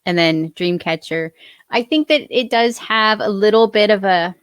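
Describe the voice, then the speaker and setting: A woman's voice: medium pitch, moderate pace, clean tone, no echo, studio quality. Chatty, teasing woman band member. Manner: chatty, teasing, trails off mid-thought. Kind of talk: casual live-stream chat.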